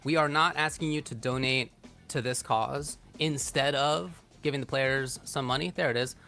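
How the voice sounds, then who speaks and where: A man's voice: mid-range voice, normal speed, vocal fry, sharp tone, soft background music. A man commentating a fighting game tournament stream, chatty and joking as he runs the donation segments. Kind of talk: esports commentary.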